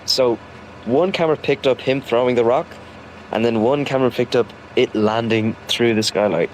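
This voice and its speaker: A man's voice: mid-range voice, slight background noise, poor audio. A young man casually telling a story from his school days, rambling with lots of fillers and restarts. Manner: rambling, halting, full of fillers.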